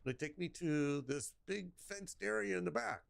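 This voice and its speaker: A man telling a rambling, animated story in casual chat while gaming, swearing casually along the way. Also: sits high, moderate pace, creaky, dry recording.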